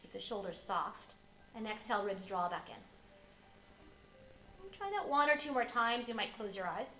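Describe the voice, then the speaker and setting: A woman teaching a yoga class, giving gentle, unhurried cues for breath and posture. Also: a little high, sing-song, echoey room, a little hiss or hum, rough recording. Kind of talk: guided yoga class instruction.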